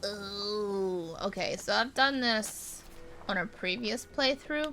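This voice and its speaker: Bright, chatty woman gamer. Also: medium pitch, takes it slowly, a little hiss or hum. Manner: chatty, giggly, reads game text aloud. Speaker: gaming video host. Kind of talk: casual let's-play commentary.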